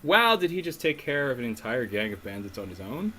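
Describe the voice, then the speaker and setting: A man's voice: mid-range voice, sing-song, fairly quick, sharp tone, slight background noise, poor audio. A man reading the lines of an earnest young woman heroine aloud in a game, in his own voice. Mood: curious. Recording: faint music underneath.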